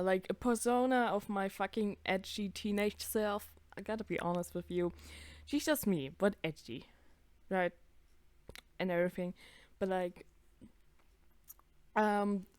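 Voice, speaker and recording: A woman's voice: mid-range voice, a little mellow, dry recording. A woman in her twenties giving casual reaction commentary, chatty, swearing freely and laughing at herself. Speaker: video creator.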